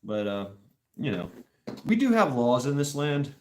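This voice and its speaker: A man's voice: mid-range voice, very animated, darkish tone, slight background noise. A man hosting a casual livestream, rambling and chuckling as he chats with viewers. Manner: rambling, chuckling, slow and drawn out. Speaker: livestream host.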